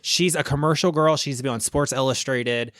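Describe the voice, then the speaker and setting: A man hosting a podcast, chatting in an animated, gossipy way and laughing easily. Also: medium pitch, a little fast, no echo, studio quality. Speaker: podcast host. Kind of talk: casual gossip chat.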